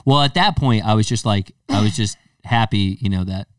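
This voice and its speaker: A man's voice: on the low side, fairly quick, smooth, dry recording, studio quality, recorded from a distance. A man co-hosting a podcast, telling a story in casual chat and acting out the quotes with plenty of restarts. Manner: animated storyteller, acts out quotes, many restarts. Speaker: podcast co-host.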